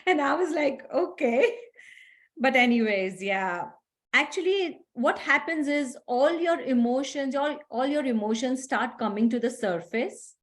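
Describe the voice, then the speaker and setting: A middle-aged woman leads a workshop talk in a somewhat high voice. She speaks slowly and acts out scenes from her own stories as she tells them. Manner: animated storyteller, acts out scenes. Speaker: guest speaker.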